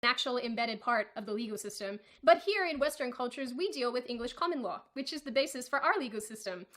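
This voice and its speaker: A woman's voice: on the high side, expressive, brisk, fairly bright tone. A woman delivering opinion commentary in a video, lecturing and wry.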